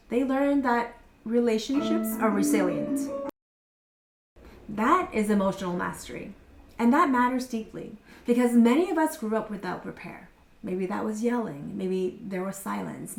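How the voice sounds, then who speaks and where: Calm woman teaching in an echoey room. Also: a little high. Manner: calm, measured, slows down on key phrases. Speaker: parenting coach. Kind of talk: scripted masterclass talk.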